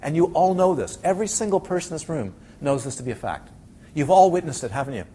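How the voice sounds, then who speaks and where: Guy teaching a buddhism class, kinda high voice, lively, keeps asking the room questions, light room hiss. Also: fast. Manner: animated, asks the audience many questions, acts out quotes. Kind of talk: dharma talk to a class.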